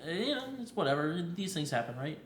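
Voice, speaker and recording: Casual man on a live stream, lively up-and-down voice, echoey room. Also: fairly high pitch, quick pace. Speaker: co-host. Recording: echoey room, faint noise.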